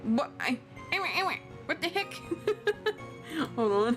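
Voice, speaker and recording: A woman's voice: high voice, sing-song, a little slow, pauses often, faint music behind. A woman streaming a game, chatting casually and laughing often and awkwardly. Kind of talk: casual let's-play chat.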